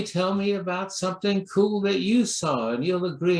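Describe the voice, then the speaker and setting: A man pastor giving a sermon talk in a gentle storytelling manner, acting out quoted lines with lively voices. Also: sits high, moderate pace, few pauses, reverberant.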